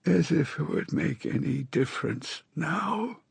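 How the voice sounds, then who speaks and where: A man voicing a sick, dying old woman with a hoarse, wheezing voice and halting speech. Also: on the high side, animated, no room sound, voice pushed up, exaggerated voice. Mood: weary, rueful. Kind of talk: audiobook character voice.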